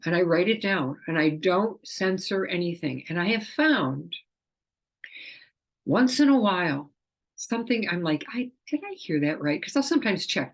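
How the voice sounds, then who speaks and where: A woman's voice: on the low side, moderate pace. A middle-aged woman explaining her work as an animal communicator in a casual, chatty way, often acting out the quoted dialogue. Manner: chatty, acts out quoted dialogue in lively voices.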